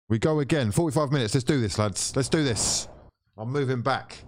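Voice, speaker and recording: Speaking fairly quickly at medium pitch, a man leads a live football watchalong. He addresses his viewers head-on, swears freely, and alternates between frustration and excitement.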